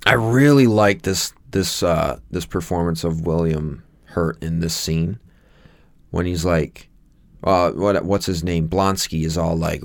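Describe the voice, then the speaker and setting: A very low-voiced man talking films with a friend in an easy, dry, opinionated way. His voice sits close and dry, with no room sound. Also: unhurried, creaky, dry recording. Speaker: podcast co-host. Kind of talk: casual movie review chat.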